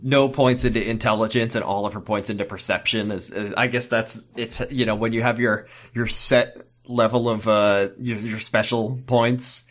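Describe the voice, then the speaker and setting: A man's voice: fairly low pitch, steady tone, normal speed, few pauses, fairly bright tone. A man co-hosting a podcast, casually recapping an episode with dry, jokey asides. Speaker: podcast co-host.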